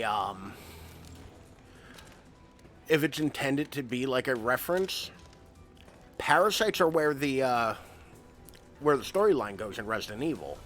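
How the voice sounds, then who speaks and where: A young man from the United States giving rambling, self-mocking commentary while he streams a game. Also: medium pitch. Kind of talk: casual gameplay commentary.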